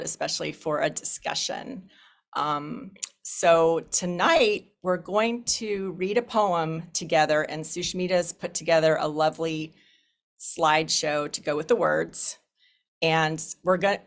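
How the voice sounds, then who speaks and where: A woman with a fairly low voice opens an online discussion group. She talks in a loose, relaxed way, with plenty of hesitations and restarts, and she is heard over a video call. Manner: relaxed, many fillers and restarts. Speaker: group facilitator. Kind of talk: welcoming group introduction.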